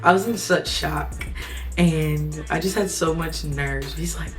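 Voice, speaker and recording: A woman's voice: on the low side, measured pace, music in the background. A woman in her twenties telling a personal story to camera, chatty and gushing. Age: 20s. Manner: chatty and gushing, with many fillers like "like" and "you know". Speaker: vlogger.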